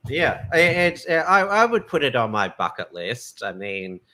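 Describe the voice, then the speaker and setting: Measured man, slightly low bright voice. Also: big pitch swings. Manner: measured, hesitant, repeats words when starting. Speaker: host. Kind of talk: casual chat.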